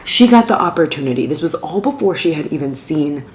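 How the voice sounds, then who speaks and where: Chatty low-voiced woman recapping a book. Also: fairly quick. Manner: chatty, animated retelling, drops to near-whispers. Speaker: book vlogger. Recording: echoey room with faint ambient noise.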